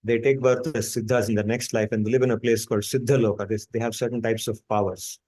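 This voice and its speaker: A man's voice: fairly low pitch, little pitch movement, fast talker, warm tone. A man teaching scripture to a class, explaining and retelling stories with frequent restarts. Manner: storytelling, explanatory, with many restarts.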